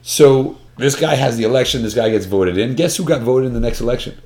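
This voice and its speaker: A man's voice: mid-range voice, brisk, a little mellow. A man in casual discussion, earnest and emphatic, often restarting his sentences with repeated words. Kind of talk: conversational discussion.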